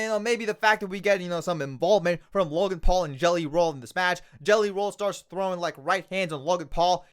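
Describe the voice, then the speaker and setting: A man's voice: high-pitched, sharp tone, clean tone. A man reviewing a wrestling show in a ranting video, exasperated, firing off repetitive rhetorical questions.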